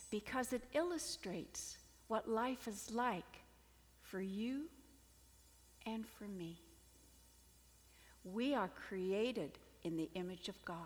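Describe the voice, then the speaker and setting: Expressive woman preacher in a hall. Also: mid-range voice. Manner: expressive storytelling, dramatic volume swings. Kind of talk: sermon.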